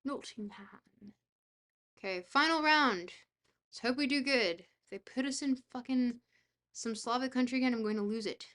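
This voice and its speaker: A young woman streaming a geography guessing game, reacting excitably, swearing freely and talking to her chat. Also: high voice, normal speed. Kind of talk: casual live-stream chat while playing a geography game.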